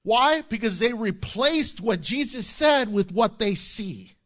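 A man's voice: high-pitched, lively intonation, slow, a bit bright. A man preaching a sermon, reading scripture and breaking into joking asides and acted-out quotes. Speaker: pastor.

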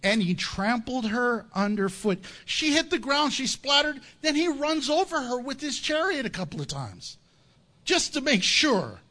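A pastor delivers a sermon as a story, joking along the way and giving voice to each character's lines. He speaks at a measured pace in an extremely high pitch.

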